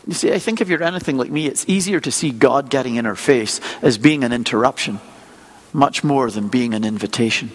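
A man preaching a sermon as a pastor, telling stories in a lively, conversational way and acting out small scenes. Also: medium pitch, brisk, breathy edge, in a large hall. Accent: non-local accent.

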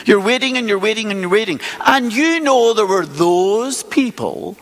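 A male preacher talks through his sermon conversationally, throwing out question after question. His voice sits high and moves in lively leaps, and a long reverb trails after it. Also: normal speed. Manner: conversational, asks many rhetorical questions.

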